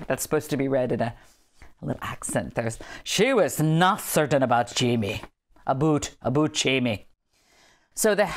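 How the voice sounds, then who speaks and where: A woman leading a book study, reading a text aloud with emphatic, dramatic delivery and casual asides in between. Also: fairly low pitch. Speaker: study group leader.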